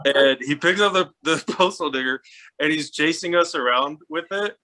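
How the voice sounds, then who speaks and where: A man from Utah telling a family story in a casual, animated way, laughing and filling with "like". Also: on the high side, moderate pace. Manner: animated, laughing, lots of "like" fillers.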